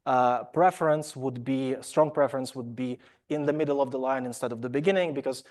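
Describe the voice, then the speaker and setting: His voice sits at medium pitch with fairly even intonation, a darkish tone and a slightly quick pace. He gives an academic lecture haltingly, restarting often and leaning on fillers, while tossing in dry jokes at his own expense.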